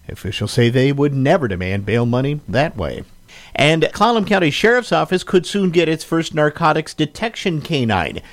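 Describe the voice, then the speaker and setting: A man announcing local news on a small radio station, with a brisk, plain announcer delivery. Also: mid-range voice.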